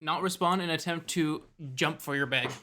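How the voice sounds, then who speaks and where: A game master narrating a tabletop game, pausing with fillers and small laughs. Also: medium pitch, pushed and bright, slight background noise.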